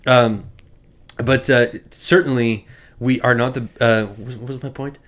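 Brief: male podcast host, mid-pitched voice, rambling chatty film recap with asides. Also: steady tone, a little slow, fairly bright tone. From Quebec. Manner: chatty, self-correcting, with many restarts and asides. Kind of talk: casual chat recapping a film.

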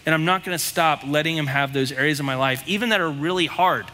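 A man's voice: on the high side, quick pace, sharp tone, in a large hall. A man preaching a sermon as pastor, talking bluntly and conversationally, with lots of rhetorical questions.

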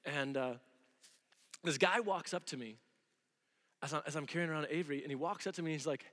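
Male pastor, 30s, fairly high voice, lively sermon storyteller, reverberant church. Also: brisk, pauses often. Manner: animated storytelling, acting out quoted voices. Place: church sanctuary. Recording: long hall reverb.

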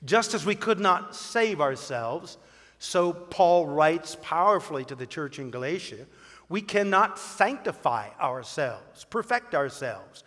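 A man's voice: a little high, lively intonation, unhurried, a bit bright, big-room sound. A man who is a pastor, preaching a sermon emphatically with rhetorical questions and a personal story.

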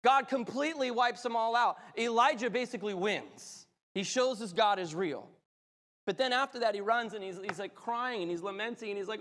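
At a moderate pace, this man with a bright, high pitch delivers a sermon with Bible reading that climbs into excited, fervent storytelling. The sound carries a long reverb tail, suggesting a large hall.

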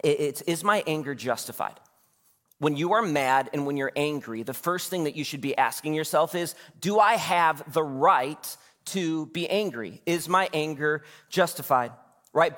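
Conversational pastor preaching in a reverberant church. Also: male voice, fairly high pitch, normal speed, fairly bright tone. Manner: conversational, asks the congregation questions, acts out quotes. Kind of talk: sermon. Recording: long hall reverb.

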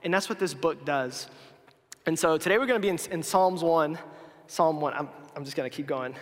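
A man's voice: on the high side, fairly quick. A young man giving a casual youth sermon, chatty and full of restarts and filler words, poking fun at his own slips. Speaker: youth speaker. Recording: long hall reverb.

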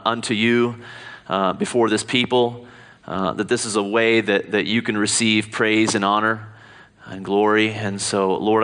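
A man's voice: clean tone, long reverb tail. A man preaching a sermon after an opening prayer, earnestly reading King James scripture aloud. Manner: soft low prayer, rising to emphatic preaching. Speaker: pastor.

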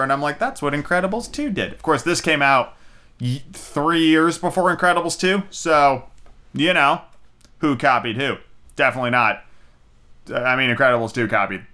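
A young man giving a casual, rambling movie review, excitable and full of fillers and swearing. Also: medium pitch.

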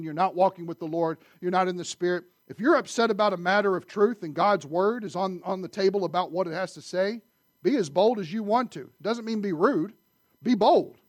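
A man preaching a sermon, animated, swinging from loud emphasis to quiet asides. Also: high voice, dry recording. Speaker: pastor.

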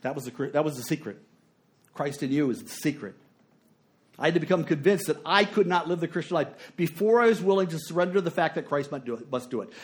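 A middle-aged man preaching a sermon, telling a story and swinging between hushed and emphatic delivery. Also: on the high side, expressive, fast talker.

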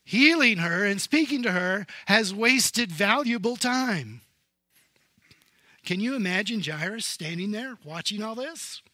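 A man pastor preaching a sermon, telling the story with animated swings from loud emphasis to hushed tones. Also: high voice, measured pace, no echo.

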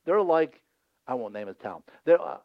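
A male pastor preaching a sermon in a lively, conversational way, acting out voices from the scripture scenes. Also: mid-range voice, moderate pace, no echo, highs cut off.

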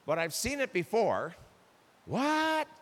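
Male pastor, animated sermon delivery, high and expressive, long hall reverb. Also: normal speed. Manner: animated, acts out quoted spouses. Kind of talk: sermon on marriage communication.

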